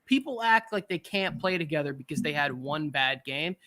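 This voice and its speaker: Man, sports podcast host, bright forceful voice, slightly high, animated, jokey. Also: normal speed. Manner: animated, jokey, slips into impressions. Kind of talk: casual sports talk.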